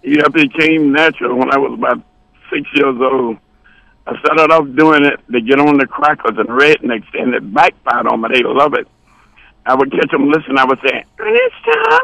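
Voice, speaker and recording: A man's voice: medium pitch, normal speed, creaky, bright, forceful tone, dry recording, rough recording. A man telling rambling, bawdy stories as a guest on a radio show. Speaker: guest musician. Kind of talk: casual storytelling on radio.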